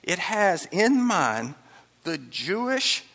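A man's voice: high-pitched, big pitch swings, slow, gravelly, fairly bright tone, long reverb tail. A man preaching an expository sermon, emphatic and pleading, with chuckles and asides to the congregation. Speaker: pastor.

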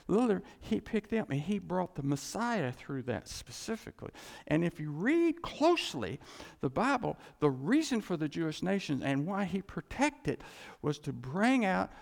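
A man's voice: sits high, vocal fry, in a large hall. A man preaching a sermon in an earnest way, often repeating and restarting his phrases.

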